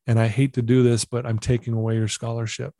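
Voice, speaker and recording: Earnest man telling his story, mellow voice. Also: medium pitch, little pitch movement, fast, no echo, studio quality. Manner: earnest, candid, repeats himself for emphasis. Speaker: guest. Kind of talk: personal storytelling in conversation.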